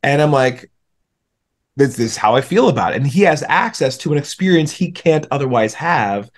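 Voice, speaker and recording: A man's voice: medium pitch, moderate pace. A young man, a podcast guest, telling stories in casual conversation and acting out the people he quotes. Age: young adult. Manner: storytelling, animated when quoting others.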